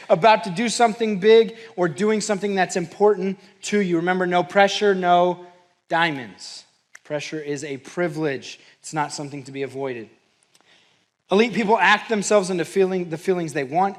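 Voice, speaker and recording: A mental performance coach and pastor from New Mexico, US, leads a workshop talk before a live audience in a church hall. His voice is fairly high, and he tells an energetic, animated story, putting on the voices of the people in it.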